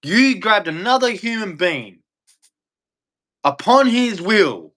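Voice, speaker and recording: A man's voice: high voice, big pitch swings, slow pace, a bit bright. A man with an Australian accent delivering a heated, profane rant as host of a live stream. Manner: angry, profane, blunt ranting. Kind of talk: ranting monologue.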